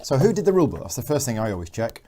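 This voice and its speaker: A man's voice: medium pitch, sing-song, rapid-fire, mellow, slight background noise. A man hosting a live board game unboxing, chatting casually and reading out viewer comments as he goes. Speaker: board game channel host.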